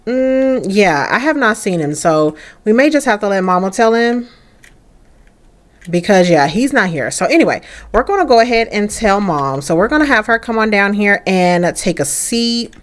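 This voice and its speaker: A young woman giving casual let's-play commentary on a life-simulation game, chatty and animated. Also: medium pitch, normal speed. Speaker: gaming creator.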